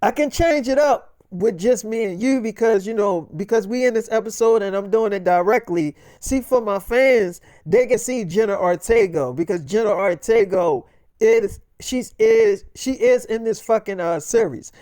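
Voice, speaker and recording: A man's voice: high voice, moderate pace, a little mellow, no echo, clean studio sound. A man telling an improvised story in a casual, rambling way and swearing a lot.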